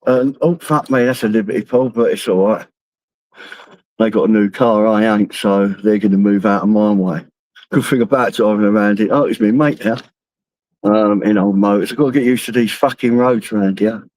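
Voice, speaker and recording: A man's voice: on the low side, normal speed, darkish tone, dry recording, low-quality recording. A middle-aged man with a London accent, chatting to his stream viewers on his phone while driving, rambling and swearing freely. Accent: London English. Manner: rambling, heavy swearing, laughs at own stories. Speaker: live streamer. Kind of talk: casual live-stream chat while driving.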